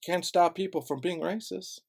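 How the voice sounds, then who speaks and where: A man's voice: sits high, moderate pace, gravelly. A man from Chicago delivering a heated, sarcastic, profane rant straight to camera. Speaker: vlogger.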